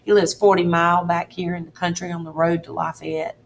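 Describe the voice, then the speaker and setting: Woman reading as a drawling threatening con man, kinda low, slow and bossy. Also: level tone, gravelly, slight background noise. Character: middle-aged male con man, scheming and threatening.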